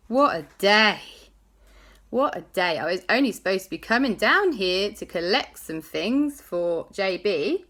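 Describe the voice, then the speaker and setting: A woman's voice: medium pitch, normal speed, few pauses. A woman telling an improvised children's story, voicing each character in turn. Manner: animated, playing every character in turn.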